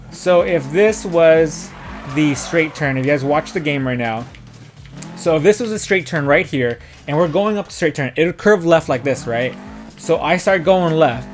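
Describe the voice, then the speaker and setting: A young man telling a story in a casual, rambling way while he streams a driving game, full of fillers and quoted dialogue. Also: a little high. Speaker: gaming streamer.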